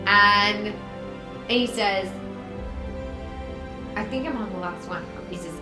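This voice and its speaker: A woman's voice: medium pitch, slow pace, pauses often. Tipsy rambling woman storyteller. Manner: rambling, giggly, losing her thread. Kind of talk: comic drunk-history retelling. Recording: echoey room with music.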